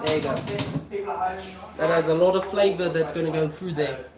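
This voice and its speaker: A man's voice: fairly high pitch, moderate pace, reverberant, heavy background noise. A man from South Africa chatting casually on a livestream while he cooks in his kitchen, swearing freely as he talks. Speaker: streamer cooking.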